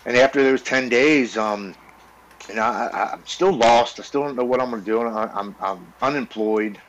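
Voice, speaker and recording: A man's voice: medium pitch, moderate pace, rough recording. A man in his forties, a podcast guest, earnestly telling his recovery story in a blunt, swearing, casual way.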